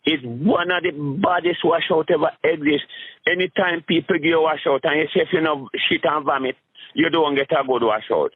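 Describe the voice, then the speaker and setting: A Jamaican man rambles through comic stories, swinging up into squeaky voices when he acts out a scene. His voice sits a touch high. The sound is dry and tinny, like a phone line. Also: fairly quick, no room sound. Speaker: street comedian.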